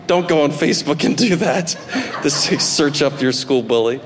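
A male pastor preaching a sermon, animated, swinging between loud emphatic bursts and soft asides. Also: on the high side, moderate pace, a faint crowd. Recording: long hall reverb.

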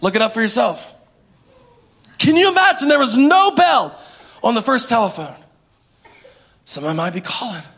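A man preaching a sermon in a church, animated and humorous, acting out little scenes for the congregation. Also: very high-pitched, normal speed, pauses often. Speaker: pastor. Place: church sanctuary.

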